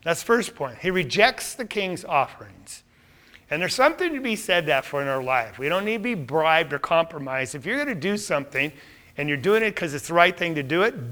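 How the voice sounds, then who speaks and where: A man's voice: a little high, very animated, normal speed, bright, forceful tone. A man teaching a Bible study in a conversational way, often checking in with listeners.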